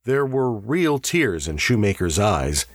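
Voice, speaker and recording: A man reading a story aloud in a measured, expressive way. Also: fairly low pitch, no room sound, clean studio sound. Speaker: narrator. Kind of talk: audiobook narration.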